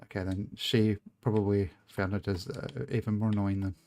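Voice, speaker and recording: A man's voice: lowish voice, steady tone, moderate pace, a little mellow. A man chatting casually and joking as he streams a video game, swearing freely. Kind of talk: casual chat while gaming.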